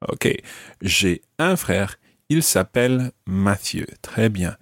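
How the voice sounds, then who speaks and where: A man teaching a podcast language lesson, patiently modelling words slowly for the learner to repeat. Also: fairly low pitch, animated, a bit bright, no echo, studio quality.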